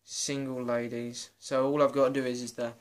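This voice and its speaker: A man's voice: medium pitch, flat delivery, normal speed. A young British man answering viewer questions in a casual, self-mocking vlog. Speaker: vlogger. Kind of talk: casual Q and A chat.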